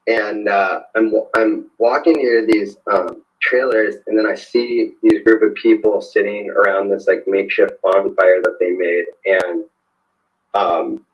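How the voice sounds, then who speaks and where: A man with a fairly low voice tells a personal story as a guest, slowly and with many hesitations and restarts. The recording sounds dull and lo-fi, as if the highs were muffled. His delivery is unhurried and conversational. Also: steady tone. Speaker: guest telling a personal experience.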